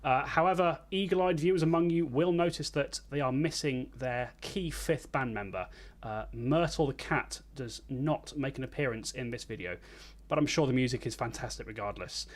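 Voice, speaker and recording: A man's voice: medium pitch, normal speed. Guy cohost introducing acts, bit self-deprecating, trips over words. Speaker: co-host. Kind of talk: casual online show chat.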